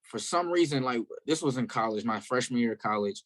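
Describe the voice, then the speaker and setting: A man from South Carolina, a guest musician in a casual interview, telling stories in a candid, animated way. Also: mid-range voice, brisk.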